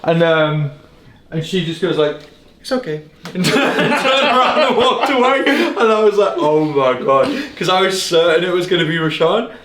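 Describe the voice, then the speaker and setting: A man's voice: high-pitched, normal speed. A man, a DJ chatting casually to camera on tour and telling stories with lots of laughs. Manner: animated storyteller, laughs often. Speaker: DJ vlogging his tour. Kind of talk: casual vlog chat. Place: city streets, hotel and venues on tour. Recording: roomy, noisy on-location sound.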